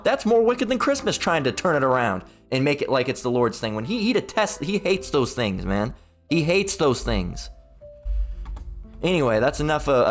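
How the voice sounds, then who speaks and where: A man's voice: mid-range voice, fairly bright tone. A man hosting a religious commentary video, ranting heatedly and repetitively, swearing and reading passages aloud.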